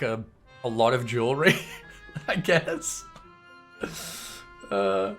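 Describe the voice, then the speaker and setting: A man's voice: mid-range voice, pushed and bright. A man giving casual, jokey commentary while playing a game, rambling and chatty. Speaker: gaming streamer. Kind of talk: casual let's-play commentary.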